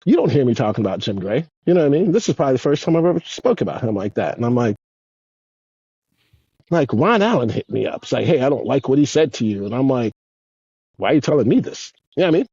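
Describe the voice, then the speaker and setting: A man in his fifties, a guest on an interview show, telling rambling, profane stories in a casual, animated way. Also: medium pitch, quick pace, slightly rough, dry recording, lo-fi sound. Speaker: guest, former pro skateboarder. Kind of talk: casual storytelling.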